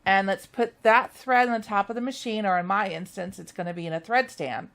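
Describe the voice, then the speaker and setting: A woman's voice: mid-range voice, a little fast, fairly bright tone. A woman leading a machine embroidery tutorial, chatty and enthusiastic as she walks viewers through each step. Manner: upbeat, chatty, enthusiastic about stitching. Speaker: sewing instructor.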